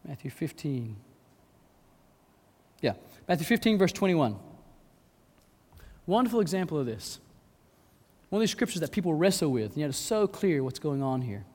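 A male pastor preaching a sermon, dramatic, acting out pleading voices and swinging between hushed and loud delivery. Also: on the high side, big pitch swings, moderate pace, long pauses, breathy edge. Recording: long hall reverb.

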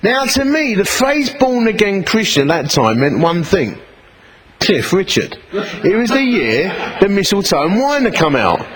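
A middle-aged man with an Essex accent giving a humorous personal testimony to an audience, telling it as lively comic storytelling and acting out both sides of the dialogue. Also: sits high, unhurried, breathy edge, rough recording. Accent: Essex English. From England. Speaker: speaker giving his testimony.

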